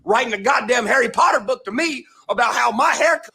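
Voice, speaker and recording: A man in a comedic rant, shouting and swearing constantly in a crude, mocking way. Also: very high voice, animated, a little fast, vocal fry, breathy edge. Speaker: comedic video creator.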